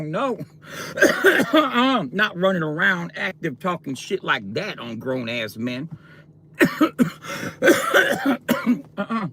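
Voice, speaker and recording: A man's voice: a little high, fairly bright tone, a little hiss or hum. A man ranting on a livestream, taunting and confronting his viewers directly in a coarse, profane way.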